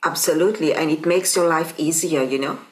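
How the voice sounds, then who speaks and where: A woman's voice: deep voice, fairly quick, low-quality recording. A woman podcast host responding to her guest in an affirming, reflective way. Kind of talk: interview chat.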